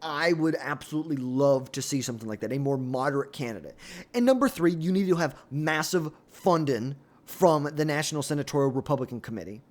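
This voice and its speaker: A man's voice: fairly high pitch, lively intonation, a little fast. A man giving solo political commentary, blunt and opinionated, with exasperated asides.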